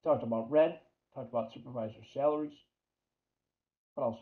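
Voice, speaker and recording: A man's voice: medium pitch, brisk. A man with a New York accent giving a chatty accounting lecture, repeating key terms and putting questions to the class. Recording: dull lo-fi lecture audio.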